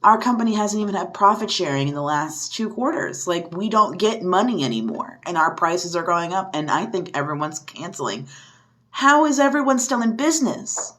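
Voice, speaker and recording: A woman's voice: lowish voice, lively intonation, fairly quick, few pauses, a bit bright. A young woman who works in customer service, venting with frustration and exasperated questions. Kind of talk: venting social media monologue.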